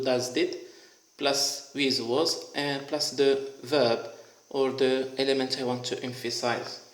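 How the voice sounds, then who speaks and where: A man gives a grammar lesson at an unhurried, deliberate pace, stopping to repeat each example sentence. His pitch sits in an ordinary middle range. The sound is echoey, as if he is recording in a bare room. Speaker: English teacher.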